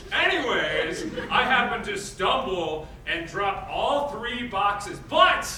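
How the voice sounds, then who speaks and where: A young man tells a quick story on an improv stage, high-voiced and lively, with a slow, unhurried delivery. He throws in playful, laughing asides. He is picked up from far off in an echoey room, with clear noise behind him. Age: young adult. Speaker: improv performer. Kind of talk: live improv comedy.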